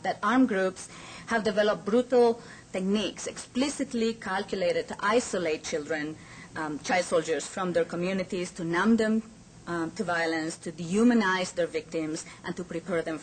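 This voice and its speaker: A woman lecturing at an academic forum in an earnest, emphatic way. Her voice sits on the low side, and a faint hiss runs underneath. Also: moderate pace, poor audio. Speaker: academic speaker. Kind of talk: conference lecture.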